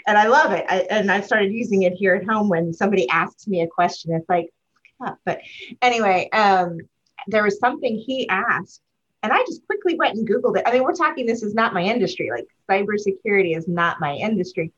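A woman's voice: mid-range voice, fairly quick. A woman hosting an interview podcast, chatting casually with her guest. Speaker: podcast host. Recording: slightly dull, lo-fi.

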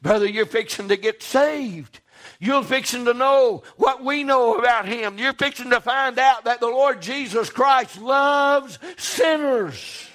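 A man preaching a sermon, impassioned, dropping low and then rising to shouts. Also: a little slow. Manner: impassioned, swings between hushed and shouting.

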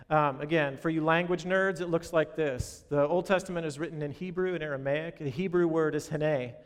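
A man's voice: on the high side, fairly bright tone. Conversational man preaching in a hall. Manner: conversational and storytelling, acting out quotes with a dropped voice. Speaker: pastor. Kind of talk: sermon. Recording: long reverb of a hall.

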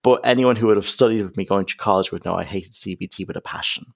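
Speaking fast in a low, creaky voice, this young Irishman is a counsellor chatting as a podcast guest. He's emphatic in the casual interview and leans heavily on "you know" and "okay?".

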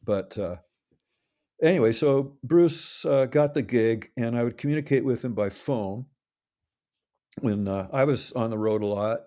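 Older guy rambling through old stories, relaxed warm voice, keeps restarting his sentences. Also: medium pitch, a little slow. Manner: rambling, self-correcting anecdotes with quoted voices. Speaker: interviewee. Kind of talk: casual storytelling.

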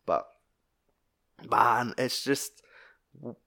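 A man's voice: mid-range voice, expressive, extremely slow, creaky, pushed and bright. A Scottish man in casual film-discussion chat, swearing freely as he retells scenes with animation.

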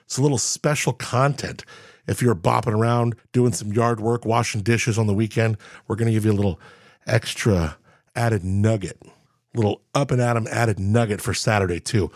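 A man's voice: fairly low pitch, normal speed, no echo, clean studio sound. A man hosting a casual radio show, joking with himself in playful asides. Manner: playful, self-mocking, jokey asides. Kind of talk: casual morning radio chat.

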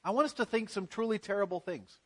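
A man's voice: high-pitched, quick pace, breathy edge. A man pastor preaching a sermon in a church, earnest and emphatic, posing rhetorical questions to his congregation.

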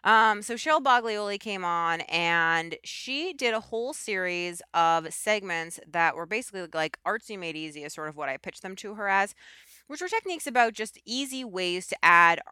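A woman's voice: mid-range voice, animated, moderate pace, bright, forceful tone, clear, resonant tone, no room sound, clean studio sound. A woman hosting a crafting podcast, chatting casually with enthusiasm and rambling asides. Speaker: podcast host. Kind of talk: casual chat.

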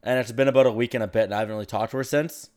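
A man's voice: mid-range voice, fairly even intonation, racing, darkish tone. Man, casual co-host, hesitant, mumbly at times, swears a lot. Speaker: co-host talking about his dating life. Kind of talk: casual chat.

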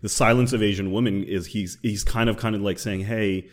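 A man's voice: fairly low pitch, steady tone, brisk. A man co-hosting a podcast, talking bluntly and animatedly with plenty of swearing. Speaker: podcast co-host. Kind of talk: casual chat.

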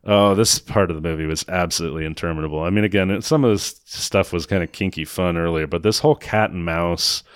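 A man's voice: low voice, quick pace, few pauses, smooth, no echo, studio quality. A man recapping a film in casual chat, sarcastic and mocking, often slipping into put-on voices to quote lines. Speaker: podcast host recapping a film.

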